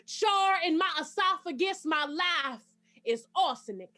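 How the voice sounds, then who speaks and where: A woman's voice: very high-pitched, expressive, measured pace, bright, forceful tone. A woman performing a spoken word poem with a rhythmic, emphatic delivery.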